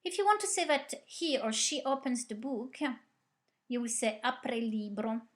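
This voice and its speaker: A female language teacher, calmly reciting verb conjugations and explaining grammar, asking the class questions and praising them. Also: on the high side, normal speed. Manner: repeats drills patiently, asks the class questions and praises. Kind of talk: slow, clear conjugation drill with explanations.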